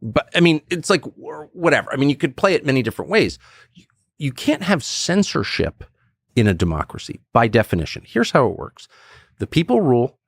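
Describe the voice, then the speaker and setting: A middle-aged man talking as a podcast guest, blunt and animated, acting out quotes with sudden high bursts. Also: brisk, gravelly, no room sound, studio quality. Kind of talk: casual conversation.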